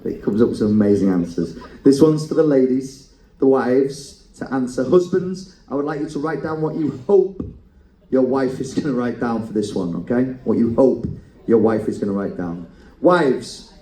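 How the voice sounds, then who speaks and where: A man hosting a comedic live game show on a cruise ship, teasing contestants with quick banter and frequent laughter. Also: medium pitch, mellow, roomy sound, rough recording.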